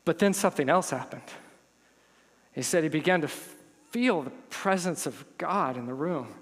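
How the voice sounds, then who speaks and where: A man preaching a sermon as pastor, telling stories in an animated way that swells into emphatic intensity. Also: a little high, moderate pace. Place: church sanctuary. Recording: long reverb of a church hall.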